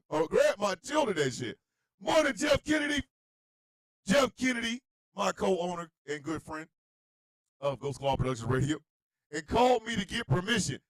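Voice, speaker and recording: Man, talk radio host, comic rant, high voice, wildly swinging pitch, shouting. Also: no room sound, studio quality. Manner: animated, shouting, incredulous.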